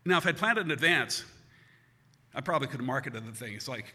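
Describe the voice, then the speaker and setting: A man from the United States telling a comic story live, animated and self-mocking. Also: medium pitch, a little fast, husky. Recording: hall reverb with faint hiss.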